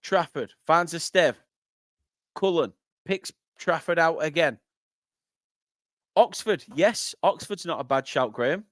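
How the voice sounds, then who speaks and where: A young northern English man hosting a live football watchalong, chatting with viewers and breaking into excited play-by-play. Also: a little high, unhurried, pauses often, dry recording, studio quality. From northern England. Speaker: fan channel host.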